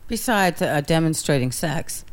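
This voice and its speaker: A woman's voice: sits low, lively intonation, measured pace. A woman co-hosting a political talk radio show, chiming in with short agreeing remarks. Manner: chimes in with short agreeing interjections. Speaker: radio co-host.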